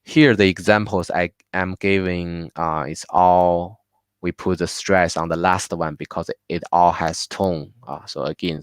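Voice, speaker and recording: A man's voice: deep voice, measured pace, clear, resonant tone, no room sound. A man teaching a live online class, patiently drilling words aloud with many fillers. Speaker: Mandarin teacher. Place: home.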